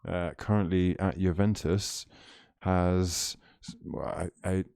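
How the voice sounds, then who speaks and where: A man's voice: deep voice, steady tone, takes it slowly, darkish tone, clean tone. A man hosting a live football watchalong stream, reading out chat comments, teasing viewers and laughing often.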